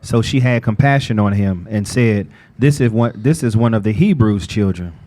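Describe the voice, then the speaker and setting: A man reading scripture passages aloud in a steady, even manner during a group lesson. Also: on the low side, moderate pace. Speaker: scripture reader.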